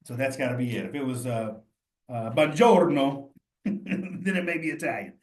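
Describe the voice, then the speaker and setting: A man's voice: medium pitch, lively intonation, moderate pace, roomy sound. A man leading a cheese exam study session, reasoning through quiz answers aloud in a casual, encouraging way.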